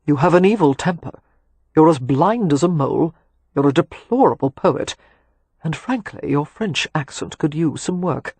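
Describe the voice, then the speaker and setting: A man reading the part of a teasing, ardent young gentleman in an audiobook romance, speaking wryly and earnestly. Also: a little high, expressive, moderate pace, slightly rough, no echo. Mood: tender teasing.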